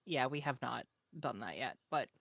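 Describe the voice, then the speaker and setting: A woman's voice: very deep voice, animated, moderate pace, vocal fry, fairly bright tone, no room sound. A woman playing a co-op game with a friend, making dry, wry remarks. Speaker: co-op gaming partner. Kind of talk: casual co-op gameplay chat.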